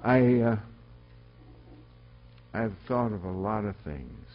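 A male preacher delivers a sermon at an unhurried pace, his pitch rising and falling widely as he moves between forceful declarations and hushed storytelling. The recording sounds dull and lo-fi. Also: sing-song. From Colorado. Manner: emphatic, swinging from loud exhortation to quiet storytelling.

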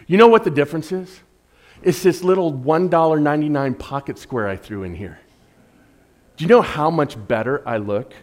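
A middle-aged pastor preaches a conversational, joking sermon, asking the congregation questions and swinging between loud emphasis and quiet asides. His voice is a little high and expressive, at normal speed.

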